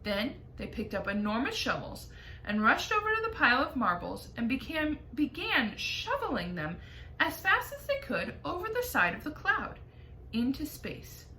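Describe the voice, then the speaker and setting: Lively woman reading a story aloud. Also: high-pitched, moderate pace. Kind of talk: expressive read-aloud. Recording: echoey room, faint noise.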